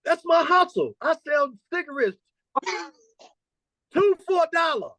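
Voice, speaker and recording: A man putting on the voice of an exasperated young male college basketball player, pleading loudly. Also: extremely high pitch, lively intonation, unhurried, no room sound, pitched above the performer's own voice, full character voice, poor audio.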